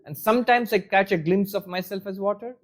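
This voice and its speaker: A man's voice: high voice, fairly quick. A man giving a conversational lecture on scripture as a spiritual teacher, wry and full of rhetorical questions.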